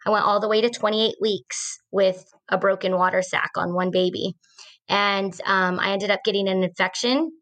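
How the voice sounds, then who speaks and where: A woman's voice: mid-range voice, steady tone, moderate pace, fairly bright tone. A woman in her forties, a podcast host, earnestly telling a personal story in a conversational way, with fillers and restarts.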